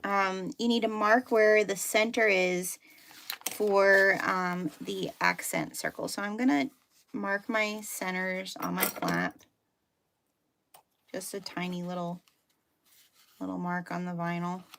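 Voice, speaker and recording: Chatty, gravelly woman teaching sewing. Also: mid-range voice, sing-song, takes it slowly, pauses often, a bit bright, a little hiss or hum. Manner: chatty, many "like" and "um" fillers, thinking aloud while working. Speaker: sewing teacher hosting a live sew-along. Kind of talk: casual live tutorial.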